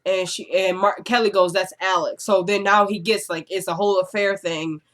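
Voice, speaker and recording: A woman casually recapping a TV episode, chatting and acting out the characters' lines in quick quotes, with exasperated asides. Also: mid-range voice, fairly even intonation, a bit bright.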